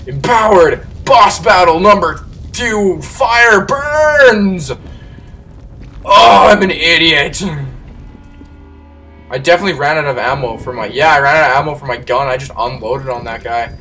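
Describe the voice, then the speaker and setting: A man commentating a horror game as he plays, jumpy, swearing and yelling at the enemies. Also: fairly high pitch. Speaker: let's play gamer. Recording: distant mic with game music behind.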